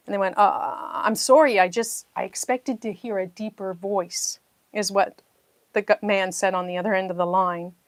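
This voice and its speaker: A woman's voice: medium pitch, no echo. A middle-aged woman from New Brunswick, chatting and telling a story while hosting a puzzle livestream. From New Brunswick, Canada. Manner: chatty storytelling, reading viewer chat aloud. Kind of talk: casual livestream chat.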